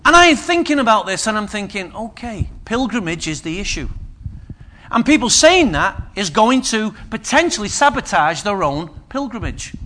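A man's voice: sits high, big pitch swings, moderate pace, bright, forceful tone. A man preaching a sermon, conversational and humorous with emphatic turns.

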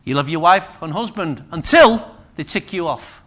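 A man's voice: fairly high pitch, lively intonation, moderate pace, a bit bright. A man preaching a sermon, conversational and humorous with emphatic turns.

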